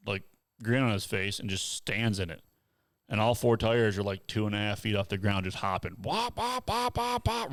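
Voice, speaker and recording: Gravelly-voiced man telling a trail story. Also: no room sound, studio quality. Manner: animated storyteller, acts out others in a high voice. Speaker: podcast host. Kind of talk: casual storytelling chat.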